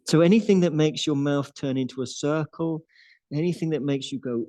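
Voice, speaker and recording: Chatty man with a mellow voice. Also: a little high, fairly quick, rough recording. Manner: chatty and playful, laughs often. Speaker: yoga teacher. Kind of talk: guiding a live yoga class.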